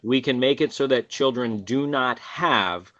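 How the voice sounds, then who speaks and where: A man's voice: mid-range voice, unhurried, a bit bright, dull audio. A man talking earnestly on a panel, explaining at length with restarts. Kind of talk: casual group discussion.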